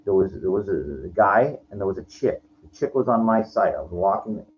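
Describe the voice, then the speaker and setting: A man in his forties rants profanely to camera on his own vlog, venting personal frustration and rambling with many restarts and frustrated asides. His voice is low with lively intonation and a slightly fast pace, and the lo-fi recording carries faint background noise.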